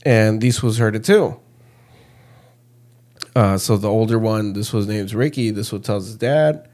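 A man's voice: on the low side, unhurried, a little mellow. A man in casual chat, retelling a heated confrontation with heavy swearing. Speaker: storyteller.

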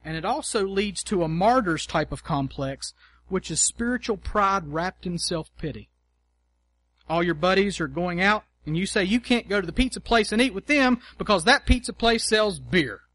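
A man with a high voice delivers a sermon from the pulpit. He talks conversationally, acting out quoted prayers and hammering his points home by repetition. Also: animated, normal speed, a bit bright. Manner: conversational preaching with mock quotes and emphatic repetition. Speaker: pastor.

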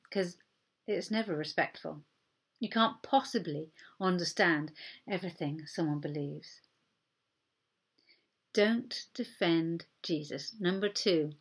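A woman preaching a sermon in a gentle, conversational way, often dropping her voice almost to a whisper. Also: medium pitch, husky.

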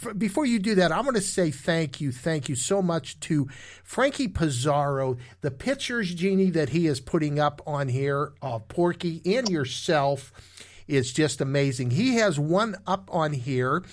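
A man's voice: fairly high pitch, expressive, unhurried. A man hosting an oldies radio show, chatting casually with a guest and plugging the program.

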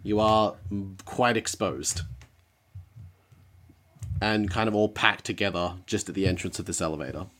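A man's voice: deep voice, fairly even intonation, normal speed, pauses often, fairly bright tone. Wry man running a tabletop game. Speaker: game master. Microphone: online call.

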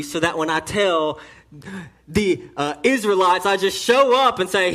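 A man with a notably high speaking voice preaches a church sermon. He drops to near-whispers and climbs to strong emphasis, restarting phrases as he drives each point home. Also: moderate pace. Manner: emphatic preaching that swings from hushed to loud. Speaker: pastor.

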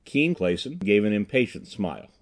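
A man reading a classic adventure story aloud in a measured, unhurried storytelling manner. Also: on the low side, very animated. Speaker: audiobook narrator. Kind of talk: scripted narration.

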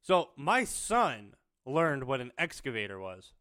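Animated, cursing young father. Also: mid-range voice, a little slow. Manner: animated storytelling, swears freely. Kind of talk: casual chat.

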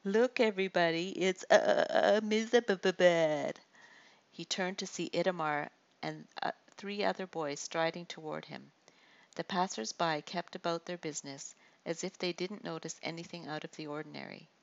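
Gravelly low-voiced woman narrating a story. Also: normal speed, lo-fi sound. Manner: steady storytelling with small slips. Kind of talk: audiobook narration.

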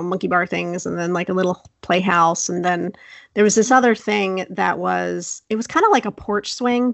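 A young woman casually telling a childhood story on a podcast, animated and laughing often. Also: mid-range voice, creaky, dry recording. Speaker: podcast co-host.

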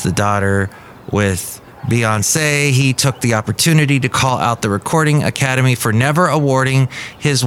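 This lowish-voiced man runs a solo podcast in a relaxed, meandering style, sharing opinionated takes on music news and delivering quotes with animated swings. A little background noise can be heard.

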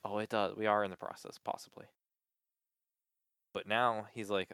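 A man's voice: fairly low pitch, level tone, moderate pace, fairly bright tone, smooth, no echo, clean studio sound. A man in casual chat, venting with exasperation about a support call, swearing often and filling with "like".

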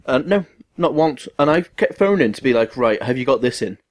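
A man's voice: medium pitch, lively intonation, a little fast. Young guy ranting on a podcast, swears a lot, does little voices for people in his story. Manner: swearing, ranting anecdote with acted-out quotes. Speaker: podcast co-host. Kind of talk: casual chat.

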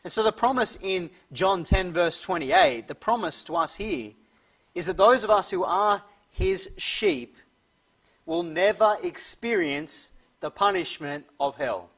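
A man preaching a sermon who reads scripture slowly and emphatically and often clears his throat. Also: high voice, animated, fairly bright tone. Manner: slow, emphatic reading of scripture.

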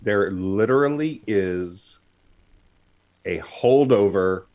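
A man's voice: fairly low pitch, lively intonation, takes it slowly, a little mellow. A man co-hosting a casual chat on a video call, explaining with many fillers and restarts. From United States. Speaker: podcast co-host.

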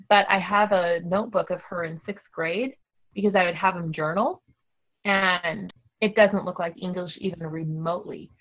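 A middle-aged homeschooling mother telling a story in a casual, animated way, acting out the voices of the people she quotes. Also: lowish voice. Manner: animated, acts out quoted dialogue. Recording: tinny phone-like audio.

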